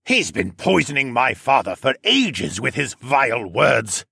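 A man's voice: mid-range voice, big pitch swings, creaky, slightly rough, no echo, studio quality, pitched above the performer's own voice, heavily acted. Man doing a bellowing, outraged clan heir. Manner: bellowing, slow and forceful. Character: proud young male clan heir, outraged.

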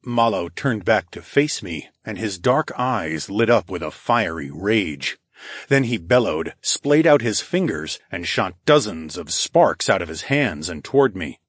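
A male audiobook narrator with a low, husky voice tells a first-person fantasy story. His delivery is dry and cocky, and the recording is close with no room echo. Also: sing-song, unhurried.

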